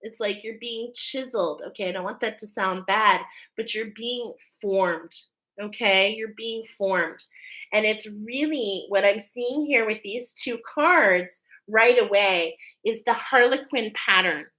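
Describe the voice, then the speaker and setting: Woman card reader going live: bright, emphatic delivery, emotional, preacher-like, always checking in with listeners. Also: medium pitch, unhurried, rough recording. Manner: emphatic, checks in with "okay?" constantly. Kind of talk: live oracle card reading.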